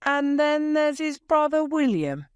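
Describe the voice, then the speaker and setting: A woman's voice: high-pitched, big pitch swings, measured pace, dry recording, studio quality, pitched above the performer's own voice. A woman voicing an eager young man explaining family news in a storybook reading. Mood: earnest.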